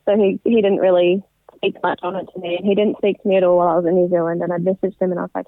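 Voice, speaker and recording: This woman in her twenties is a guest in a casual interview, telling her story in a chatty way full of "like" and "um." Her voice is lowish with little pitch movement, and she talks very fast. The recording is dry and comes over a tinny phone line.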